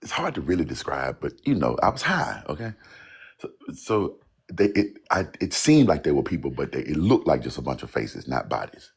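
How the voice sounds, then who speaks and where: A man with a low, slightly husky voice tells a story in casual talk. His pitch rises and falls a lot as he acts out quotes, laughing and swearing along the way. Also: big pitch swings, normal speed.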